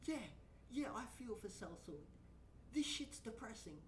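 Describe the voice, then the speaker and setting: A woman's voice: on the high side, very animated, a little slow, fairly bright tone, reverberant, far from the mic, a little hiss or hum. A woman VTuber streamer giving blunt, profane reaction commentary and ranting at what she watches.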